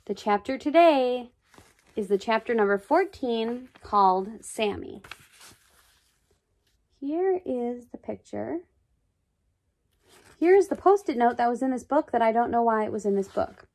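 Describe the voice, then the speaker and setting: Lady reading a kids book out loud, super animated, kinda high voice. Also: measured pace, pauses often. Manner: expressive, chatty asides. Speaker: storybook reader. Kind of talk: reading a children's book aloud.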